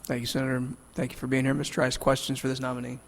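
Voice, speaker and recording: A man chairing a legislative committee hearing, moving briskly through procedure with light chuckles. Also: mid-range voice, monotone, vocal fry, a little hiss or hum. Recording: long hall reverb.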